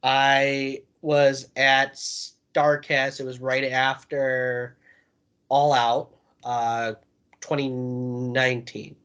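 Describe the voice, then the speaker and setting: A man's voice: mid-range voice, level tone, extremely slow, a bit bright, smooth. A man on a podcast telling a laid-back, profane anecdote in casual chat. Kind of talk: casual storytelling.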